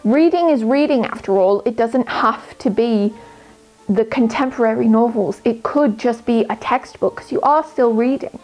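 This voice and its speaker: A prim, bookish teenage girl witch lectures with earnest precision in a put-on British accent, as a woman puts her on. The voice sits a little high, with faint music behind. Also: normal speed, darkish tone, lightly acted, poor audio.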